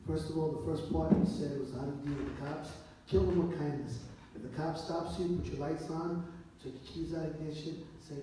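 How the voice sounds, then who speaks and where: A man's voice: a little high, fairly quick. A veteran man on a live panel, giving firm, emphatic advice. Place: event hall. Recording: echoey hall, distant mic, faint hiss.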